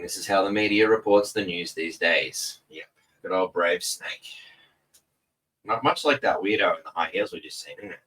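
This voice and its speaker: Australian man, deep voice, casual home live-stream host, rambling and sweary, slightly distant mic. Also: normal speed, bright, forceful tone. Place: home room in front of a TV. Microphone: camera mic set back from him.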